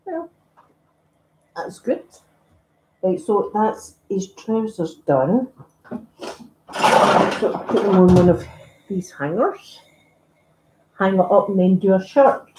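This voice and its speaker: A woman's voice: mid-range voice, lively intonation, slow pace, pauses often, noisy background. A woman with a Scottish accent chatting casually on a live stream while ironing at home, talking in a rambling, self-deprecating way. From Scotland. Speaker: ASMR YouTuber. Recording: echoey room.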